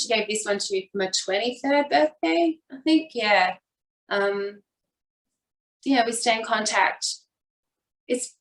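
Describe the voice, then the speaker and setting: A woman's voice: mid-range voice, fairly bright tone, distant mic. Open, reflective young Australian woman guest, recorded in an echoey room away from the mic. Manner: open, reflective, with quick bursts when retelling. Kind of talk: candid personal storytelling.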